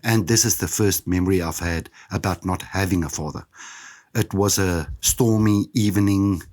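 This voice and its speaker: A South African man in his fifties, hosting a podcast and telling his own story in a candid, reflective, halting way. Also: low-pitched, a little mellow. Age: 50s. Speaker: podcast host. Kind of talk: personal storytelling monologue.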